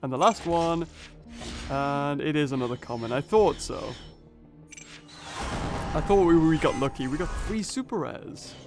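A man's voice: a little high, measured pace, pauses often, music in the background. A young man commentating on a mobile game he is playing, thinking aloud through each move and exclaiming at big hits. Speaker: gaming channel host. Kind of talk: let's play commentary.

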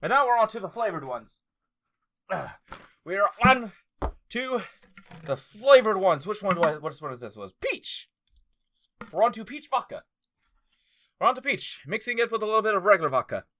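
A man hosting a gaming video, talking casually as he plays, loud and excitable, exclaiming and groaning often. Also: sits high, normal speed, pauses often, noisy background. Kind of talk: casual gameplay commentary.

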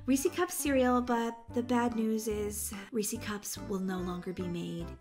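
A woman's voice: fairly high pitch, fairly even intonation, unhurried, a little mellow, soft background music, natural voice. A woman voicing a sly mother figure who talks sweetly and teasingly. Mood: sugary. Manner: sweet, falsely soothing, teasing. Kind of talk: animated roleplay voice acting.

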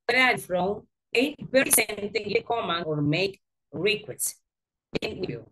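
Her voice mid-range, a lively Spanish-speaking woman teaches English grammar online through a video call. She explains things slowly and patiently with lively emphasis.

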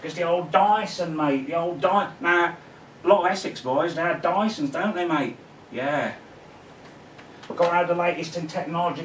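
A cheeky London lad, as a man puts him on in a jokey impression, sounds higher than the man's own voice and leans on "mate". He is heard in a roomy space from a camera a few feet away. There is a faint hiss of room noise. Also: a bit bright, recorded from a distance, close to an everyday voice. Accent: put-on London.

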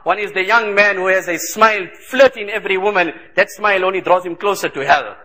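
Male preacher, very high voice with a bright, forceful edge, emphatic and repetitive delivery. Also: fairly quick. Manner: emphatic, repeats phrases for stress. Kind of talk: impassioned sermon.

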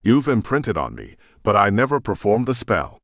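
A man's voice: on the low side, very animated, normal speed, a bit bright, no echo, studio quality. A man reading the lines of an earnest young witch woman in an audiobook, in a pleading, breathless way. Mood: worried.

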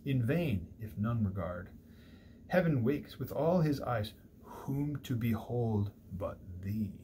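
A man voicing a seductive male tempter who flatters a sleeping woman in a coaxing way, read aloud in a lecture. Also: medium pitch, slow pace, slight background noise.

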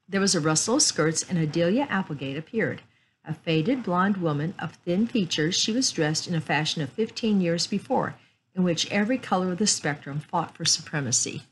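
A woman storyteller reading a book aloud in a slow, measured way. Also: on the low side, animated, slight background noise, poor audio.

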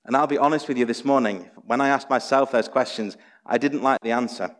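In a church sanctuary with long hall reverb, a man preaches a sermon as pastor. His mid-range voice moves a little fast, earnest and exhorting, and he fills it with rhetorical questions.

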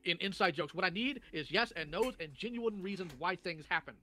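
A man in a heated online debate, talking fast in a high, bright, sharp voice. He lectures the other side in an exasperated tone and strings his points together without a break. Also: lively intonation.

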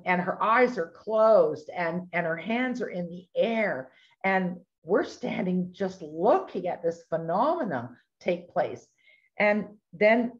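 A middle-aged woman telling a testimony story in an animated way, acting out the voices of the people she quotes. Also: fairly low pitch. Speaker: ministry speaker sharing testimony. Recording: dull lo-fi recording.

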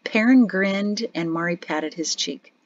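In dry, somewhat dull studio sound, a female audiobook narrator with a mid-range voice reads scripted narration aloud. Her delivery is steady and measured, like a careful storyteller.

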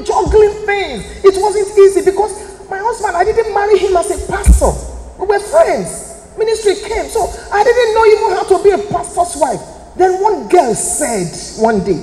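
A woman's voice: very high-pitched, a little mellow. A Nigerian woman in her fifties, giving an emphatic, preacherly motivational talk that appeals directly to her audience. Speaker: motivational speaker. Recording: echoey hall, faint room noise.

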